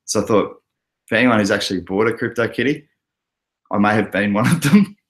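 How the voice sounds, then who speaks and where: A man's voice: lowish voice, brisk. An Australian man hosting a casual crypto livestream, chatting loosely and laughing often as he reads out viewer comments. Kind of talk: casual live chat reading comments.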